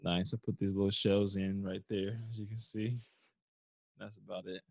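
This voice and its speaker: A man's voice: deep voice, little pitch movement, normal speed, creaky, darkish tone, no room sound. A man hosting a podcast from his bedroom, chatting casually in a loose, profane, joking way. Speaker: podcast host. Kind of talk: casual chat.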